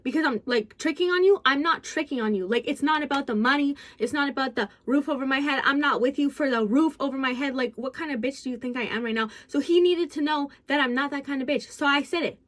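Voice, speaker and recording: A woman telling a story in a casual vlog, rambling with lots of fillers, swearing freely and jumping abruptly in pitch and loudness. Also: fast, hardly any pauses. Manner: sudden jumps in pitch and loudness. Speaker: vlogger.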